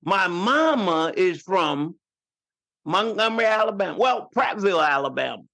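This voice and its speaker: Sitting high with a creaky, sharp tone, this man's voice is very animated at a moderate pace. In his fifties and New York-accented, he's a podcast guest meandering through family stories casually, restarting many times.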